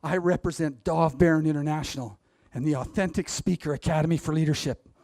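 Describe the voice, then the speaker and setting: A man's voice: on the high side, fairly quick, a little mellow, dry recording, studio quality. A man giving a motivational stage talk, speaking straight to the audience and laughing at his own jokes. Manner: addresses the audience directly. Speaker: public speaker.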